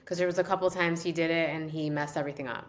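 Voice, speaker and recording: A woman's voice: sits low, steady tone, very fast, a little hiss or hum. Chatty woman podcast co-host. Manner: chatty storyteller, acts out others' lines. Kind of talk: casual chat.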